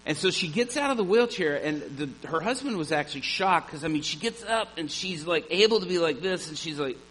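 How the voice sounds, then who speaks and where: Man preaching, bright forceful voice, animated storyteller, slightly raised pitch. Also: brisk, breathy edge, rough recording. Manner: animated storyteller, shouts at the climax. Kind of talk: sermon with storytelling.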